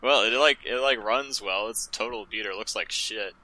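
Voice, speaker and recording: A man's voice: lowish voice, normal speed, bright, forceful tone, rough recording. A young man co-hosting a casual podcast, laid-back and laughing often as he tells a story. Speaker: podcast co-host. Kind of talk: casual comedic podcast chat.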